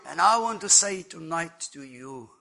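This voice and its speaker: Casting note: older man, slow and deliberate, bright forceful tone, church testimony. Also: on the high side, animated, vocal fry. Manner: earnest and emphatic, with slow deliberate phrasing. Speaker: church member giving testimony. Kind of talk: sermon testimony.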